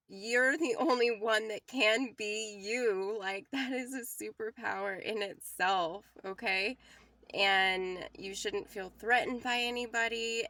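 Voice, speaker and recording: Casting note: young woman, gravelly edge, dry close sound, loose emotional reading style. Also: medium pitch, pushed and bright, no echo. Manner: rambling, emotional, laughs often. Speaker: tarot reader. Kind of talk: casual spiritual reading to viewers.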